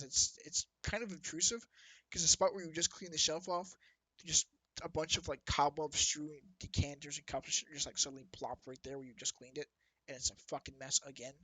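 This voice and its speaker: Bright-voiced man running a tabletop game. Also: fairly high pitch, no echo, poor audio. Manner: loose, rambling narration with restarts and asides. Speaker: dungeon master.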